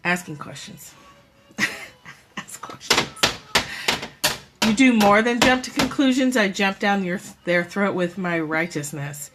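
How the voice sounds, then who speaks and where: A woman's voice: medium pitch, slow, long pauses, over loud music. A woman hosting a casual live stream from home, musing aloud, correcting herself and laughing easily. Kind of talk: casual reflective chat. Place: home room. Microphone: propped-up phone or camera.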